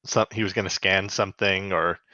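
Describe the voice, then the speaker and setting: A man's voice: sits low, steady tone, brisk, pushed and bright, no echo. A man co-hosting a podcast, joking and laughing through a casual episode recap. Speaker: podcast co-host. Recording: dull lo-fi mic.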